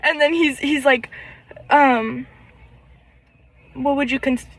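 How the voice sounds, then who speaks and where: Young female co-host, high pitch, animated storyteller who voices the people she quotes. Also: takes it slowly, low-quality recording. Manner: storytelling with laughter, acts out quotes. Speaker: podcast co-host. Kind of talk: casual chat.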